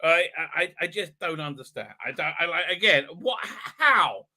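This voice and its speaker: A man's voice: fairly high pitch, moderate pace, pushed and bright. A man ranting through an episode recap, incredulous and exasperated, with lots of fillers and mocking quotes. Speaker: show host reviewing an episode.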